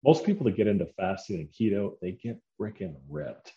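Chatty low-voiced man in an echoey room. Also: brisk. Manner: animated, chatty, mild swearing, self-mocking. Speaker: fitness vlogger. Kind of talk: casual vlog talk. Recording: echoey room, dull sound.

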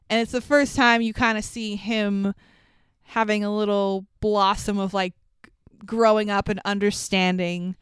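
Woman reacting to a movie, opinionated, very smooth clear voice, dry mic. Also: medium pitch, little pitch movement, measured pace, no room sound. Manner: chatty and opinionated, laughs often. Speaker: podcast co-host. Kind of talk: casual movie recap chat.

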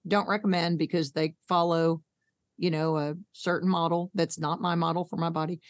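A woman, a podcast guest telling her story in a blunt, folksy, animated way and acting out the voices in it. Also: fairly low pitch, moderate pace, dry recording. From Arkansas, USA. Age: 50s. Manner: animated, acts out both sides of conversations. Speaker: podcast guest, patient advocate. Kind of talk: candid storytelling interview.

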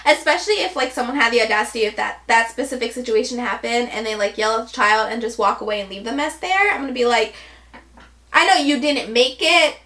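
A woman's voice: fairly high pitch, animated, fast talker, few pauses, sharp tone. A young adult woman co-hosting a podcast, frank and opinionated in casual chat. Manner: frank and opinionated, plays devil's advocate. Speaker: podcast co-host.

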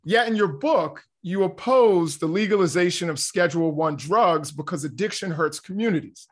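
Male co-host, a bit winded, higher-pitched, casual and chatty. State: a little out of breath. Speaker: talk show co-host. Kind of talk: casual chat and interview questions.

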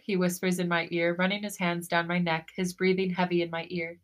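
A woman co-hosting a podcast, reading a romantic fan fiction story aloud in a soft, intimate way. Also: on the low side, little pitch movement, brisk, few pauses. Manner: soft, breathy romantic reading, then gushing and giggly.

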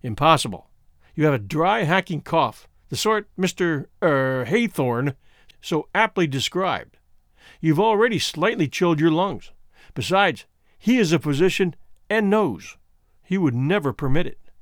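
A man reading aloud voices a calm, gently ironic middle-aged husband in a storybook, slow and deliberate. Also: on the high side, no echo, studio quality. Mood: calmly ironic.

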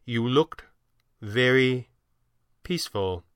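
A man's voice: mid-range voice, expressive, takes it slowly, a bit bright, clean tone, no echo, clean studio sound. A man voicing a formal, good-humored man with old-fashioned phrasing, in a storytelling reading. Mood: calm.

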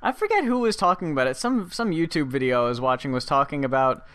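A man co-hosts a casual podcast, his remarks dry and wry. His voice is smooth and clear. It sits a bit high for a man. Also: very animated, fast talker, a bit bright. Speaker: podcast co-host. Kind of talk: casual chat.

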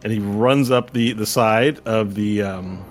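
A man's voice: fairly low pitch, measured pace. A man running a tabletop role-playing game as game master, narrating casually.

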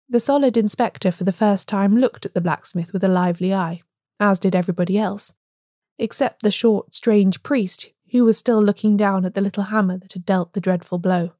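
Mellow-voiced woman narrating a story. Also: mid-range voice, normal speed, dry recording, studio quality. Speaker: audiobook narrator. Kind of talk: scripted narration.

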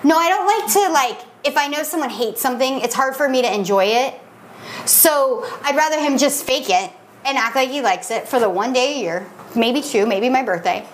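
A woman co-hosting a podcast tells stories in a casual chat, animatedly acting out what people said. Her voice is high-pitched at a normal speed, with a little hiss or hum in the recording.

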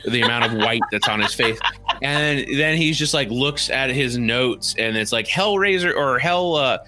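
Male podcast co-host, casual movie chat, animated and jokey, bright tone, faint music behind. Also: medium pitch, moderate pace. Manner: animated, joking, slips into silly impressions.

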